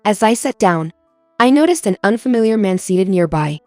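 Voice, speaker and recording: A woman narrates a scripted first-person story in an even, steady manner. Her voice sits at middle pitch. The recording is dry, with faint music underneath. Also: moderate pace, no echo.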